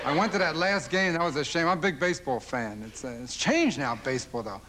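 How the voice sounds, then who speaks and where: Male stand-up comedian, high voice, rapid observational jokes, old TV broadcast with loud audience laughter. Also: lively intonation, noisy background. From Philadelphia. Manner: rapid-fire observational jokes, mimics fans and dog owners in high voices. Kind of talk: stand-up routine on a late-night talk show. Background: studio audience laughing.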